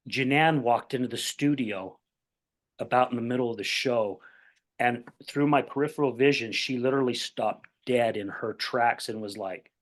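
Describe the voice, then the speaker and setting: With a medium-pitched voice, a male podcast host from Utah, USA, shares a long personal story with his guest in a conversational interview. He animatedly acts out the people in the tale and keeps checking in with "right?" along the way.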